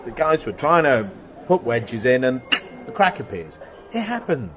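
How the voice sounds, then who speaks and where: A middle-aged man in a casual interview, telling stories about his workshop in an animated way and acting out the exchanges he quotes, laughing often. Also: mid-range voice, normal speed. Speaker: guest, special effects workshop owner.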